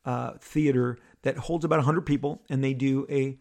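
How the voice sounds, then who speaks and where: A man hosting a podcast, telling a story in an animated monologue and acting out the people in it. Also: medium pitch, moderate pace, vocal fry. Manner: excitable, acts out the crowd and others in bursts.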